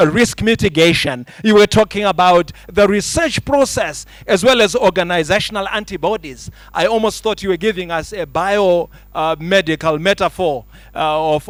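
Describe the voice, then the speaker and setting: A man, hosting an awards night with ornate, grandiloquent wording and a playful storytelling style. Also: high voice. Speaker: master of ceremonies. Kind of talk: humorous speech at an awards night. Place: banquet hall at an awards night.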